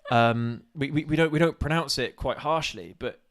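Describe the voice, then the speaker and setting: A man co-hosting a casual live stream, halting and self-deprecating as he searches for words. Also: on the high side. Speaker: co-host of a live show.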